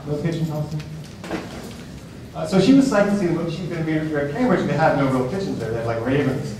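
A male professor leading a class discussion, animated and full of restarts and questions to the students. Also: on the high side, background noise. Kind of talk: discussion-led class talk. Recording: echoey hall heard from a distance.

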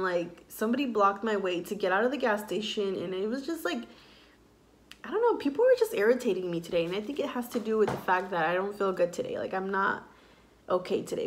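A young woman and mother talking casually and emotionally to her vlog audience, rambling with lots of fillers. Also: medium pitch. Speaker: vlogger, mother.

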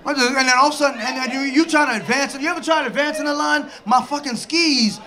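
Male stand-up comic, high voice, brash and shouty storytelling, live club with audience noise. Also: fast talker. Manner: loud, animated storytelling with shouted character voices. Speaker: stand-up comedian. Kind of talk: stand-up comedy routine. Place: comedy club stage. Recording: live comedy club with laughing crowd. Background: audience laughter.

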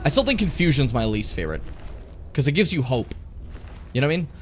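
Animated man streaming a game. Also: medium pitch, fairly quick, pauses often, a little hiss or hum. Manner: animated, swearing, jumps into shouting. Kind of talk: casual gameplay commentary.

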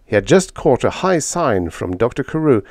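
Expressive man reading a storybook. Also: mid-range voice, moderate pace, no room sound, studio quality. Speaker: audiobook narrator. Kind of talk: scripted narration.

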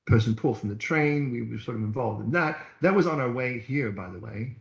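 A man's voice: medium pitch, lively intonation, a little fast, vocal fry, reverberant. A man preaching a sermon as pastor, telling stories and acting out the voices of the people in them. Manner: storytelling preacher, acts out quoted voices. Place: church hall.

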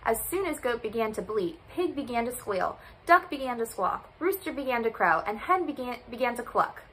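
Woman volunteer reader, high bright voice, expressive, faint hiss. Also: moderate pace, low-quality recording. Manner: expressive, lively storytelling. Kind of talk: children's storybook read-aloud.

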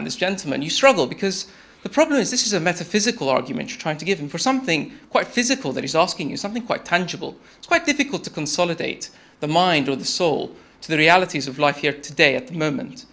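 A young man with a noticeably high voice gives a TED-style talk. He tells a story in a relaxed, conversational way and keeps speaking straight to his listeners as "you". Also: quick pace, creaky, few pauses.

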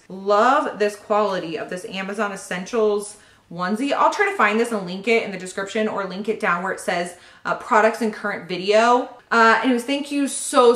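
In an echoey room, a pregnant woman with a mid-range voice hosts a casual vlog, opening baby gifts sent by fans. She gushes and giggles, laughing often as she goes.

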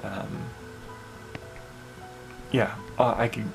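Halting, gravelly man vlogging. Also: lowish voice, fairly even intonation, rough recording. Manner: halting, full of ums and pauses. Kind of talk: heartfelt casual talk to camera. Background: music playing.

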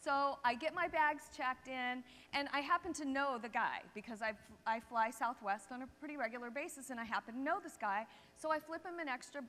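A woman chiropractor giving a seminar talk, telling lively anecdotes and checking in with the audience. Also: sits high, a little fast, few pauses. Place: seminar hall stage. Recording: long reverb of a seminar hall.

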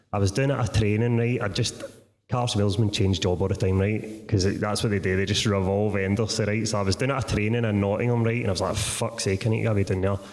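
A Scottish man who is a guest author, telling animated, sweary stories and asking "right?" a lot in a live podcast conversation on a theatre stage. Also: fairly low pitch. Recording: reverberant theatre hall.

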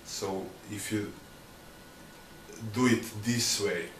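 Slow-talking man teaching drum sticking. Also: on the low side, fairly even intonation, slight background noise. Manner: counts beats aloud, loose non-native phrasing. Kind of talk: instructional demonstration. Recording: echoey room, mic at a distance, loud clatter.

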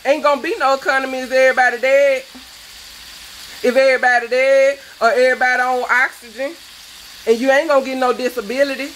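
A woman's voice: high-pitched, fairly even intonation, fast, fairly bright tone, a little hiss or hum, poor audio. A woman, a cooking show host, delivering a fervent, preachy rant that scolds her viewers. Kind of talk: impassioned vlog rant.

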